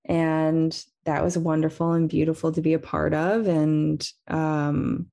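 A woman with a low, mellow, warm voice hosts a podcast. She talks gently and unhurriedly, with a few fillers, as she chats and thanks her listeners. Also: little pitch movement, measured pace, creaky. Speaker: podcast host. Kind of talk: casual chat and sign-off.

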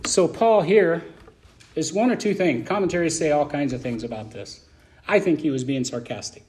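A man preaching a verse-by-verse sermon as a pastor, talking in an animated, colloquial and emphatic way. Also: a little high, normal speed.

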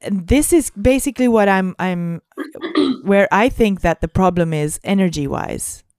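A woman's voice: medium pitch, lively intonation, a little slow, darkish tone, no echo. Woman co-host, resonant voice, dry and close, thinks aloud with hesitations. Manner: hesitant, many fillers and restarts, musing. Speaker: podcast co-host. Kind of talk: casual podcast chat.

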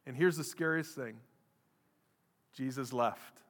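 Bright-voiced preaching man in a reverberant hall. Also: mid-range voice, slow pace. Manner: animated preaching, acts out quoted voices. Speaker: pastor. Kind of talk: sermon.

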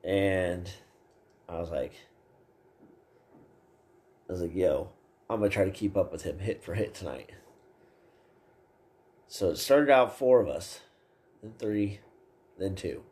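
A man's voice: low voice, animated, measured pace, pauses often, darkish tone. A man hosting a podcast, casually telling stories in a laid-back way and laughing along. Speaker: podcast host. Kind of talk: casual chat.

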